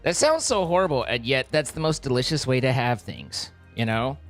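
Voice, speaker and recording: A man's voice: mid-range voice, expressive, moderate pace, soft background music. A young man live-streaming a game, chatting loosely and greeting viewers by name in a rambling, playful way. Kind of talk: casual live-stream chat.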